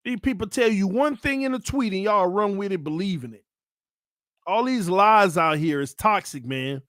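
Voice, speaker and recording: High-voiced animated American sports fan host. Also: male voice, moderate pace, dry recording, clean studio sound. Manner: animated, teasing, bursts into loud excited hollering. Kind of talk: casual fan commentary vlog.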